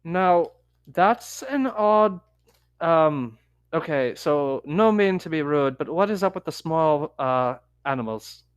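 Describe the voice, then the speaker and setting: A man playing a polite, flattering male prisoner with an odd accent, talking haltingly with many fillers. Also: a little high, clear, resonant tone, no room sound, studio quality. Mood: puzzled polite. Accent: odd put-on accent. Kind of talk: tabletop game role-play.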